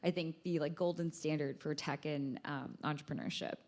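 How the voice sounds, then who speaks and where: A woman introduces herself on a panel in a lowish voice. Her delivery is composed and polished. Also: steady tone, moderate pace, a little mellow. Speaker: panel guest.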